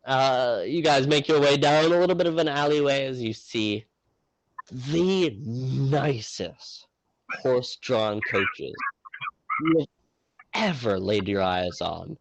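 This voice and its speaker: A man running a tabletop game as game master, narrating in an improvised, relaxed way with many fillers and restarts. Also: medium pitch, slow pace, rough recording.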